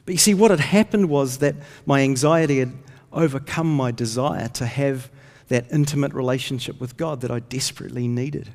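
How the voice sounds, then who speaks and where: A man's voice: medium pitch, moderate pace, hardly any pauses, darkish tone. Earnest man preaching in echoing hall. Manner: earnest storytelling, rises when reading scripture. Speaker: pastor. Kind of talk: sermon. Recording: long hall reverb.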